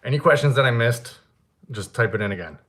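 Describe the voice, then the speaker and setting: A man's voice: mid-range voice, a little fast. A young man who runs an event rental business, answering live viewer questions and telling stories animatedly. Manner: animated storytelling, acts out shouting in quotes. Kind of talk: live Q&A, casual storytelling. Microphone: single mic, standing.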